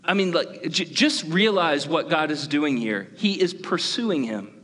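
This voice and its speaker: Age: adult. Pastor, slow, echoing hall. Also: male voice, on the high side, breathy edge. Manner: conversational, self-interrupting, lively. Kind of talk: sermon. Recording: long hall reverb.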